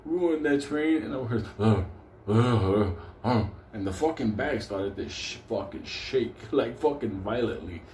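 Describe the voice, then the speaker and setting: A man tells a wild story in loose, swear-filled talk, breaking into laughter along the way. His voice is dark and mellow. The sound bounces around a roomy space. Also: medium pitch, moderate pace, hardly any pauses, slight background noise. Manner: profane, laughing, animated. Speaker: host. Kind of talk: casual storytelling. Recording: roomy echo.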